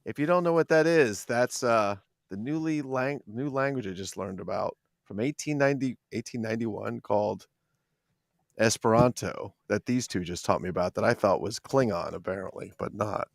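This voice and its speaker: A man's voice: on the low side, normal speed, vocal fry, no echo, clean studio sound. A man co-hosting a casual podcast, teasing the others and laughing often. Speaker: podcast co-host.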